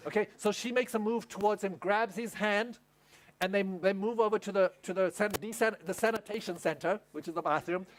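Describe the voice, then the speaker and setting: A man's voice: sits high, a little fast. A male pastor preaching at a camp meeting, telling a story and asking the audience questions. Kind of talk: sermon.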